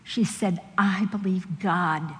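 A woman telling stories in a sermon, animated and laughing often as she acts out the people in them. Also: lowish voice, slow pace. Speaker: Christian speaker. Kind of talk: sermon storytelling. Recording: long hall reverb.

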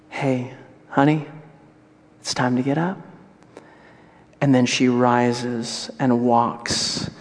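Preacher man in a reverberant hall. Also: medium pitch. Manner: dramatic, shifts between hushed and loud animated storytelling. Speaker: pastor. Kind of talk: sermon. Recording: long reverb of a large hall.

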